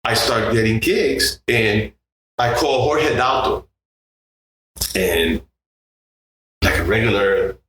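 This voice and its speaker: An older man from Puerto Rico, a guest bassist, telling stories in a casual interview and acting out other people's voices. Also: takes it slowly, long pauses, very echoey, a little hiss or hum, low-quality recording. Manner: animated, acts out others' voices in quotes.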